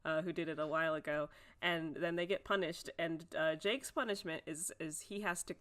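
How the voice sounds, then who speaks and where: A woman's voice: low-pitched, steady tone, moderate pace, a bit bright. Chatty, giggly woman podcaster. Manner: chatty storyteller, many fillers and giggles. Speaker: podcast co-host. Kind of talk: casual chat.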